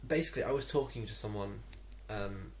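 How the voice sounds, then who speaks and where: A man's voice: fairly low pitch, a little fast, a little hiss or hum. A young man with an English accent, ranting to camera in a vlog, irritated and rambling with many ums and restarts. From England. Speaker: vlogger.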